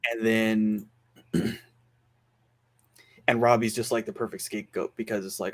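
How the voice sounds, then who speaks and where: A man's voice: lowish voice, flat delivery, unhurried. A man hosting a casual podcast, recapping a film's plot in a rambling way full of fillers. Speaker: podcast host reviewing a film.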